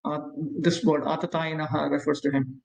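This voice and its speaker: A man teaching a scripture class, reading verses, chanting Sanskrit slowly, and explaining with many pauses and fillers. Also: a little high, level tone, gravelly, slight background noise. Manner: frequent fillers and pauses, repeats points. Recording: echoey room.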